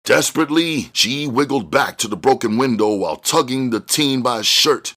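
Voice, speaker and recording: A man reading a novel aloud as narrator in a steady, measured way. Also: medium pitch. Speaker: audiobook reader. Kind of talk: storybook reading.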